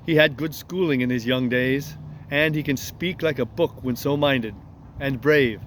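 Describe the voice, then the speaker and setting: A man playing a rough old ship's coxswain who speaks in plain sailor's talk in a storybook reading. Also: medium pitch, unhurried, fairly bright tone, slight background noise, lightly acted. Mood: admiring.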